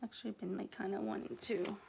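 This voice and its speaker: A woman's voice: mid-range voice, steady tone, a little fast, gravelly, background noise. A woman chatting casually through a home nail-care tutorial, rambling a little and filling gaps with "um" and "like". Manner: chatty, rambling with many fillers. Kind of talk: casual how-to demonstration.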